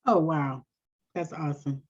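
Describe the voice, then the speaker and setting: A woman with a low-sitting voice hosts an interview at a measured pace, heard through dull lo-fi audio. She reacts warmly, with exclamations and follow-up questions.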